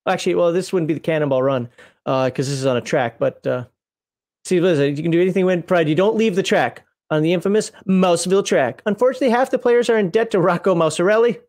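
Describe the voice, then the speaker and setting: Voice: medium pitch, fast talker, darkish tone. A co-host in casual chat, reading entries from a game book aloud with playful asides and frequent laughter.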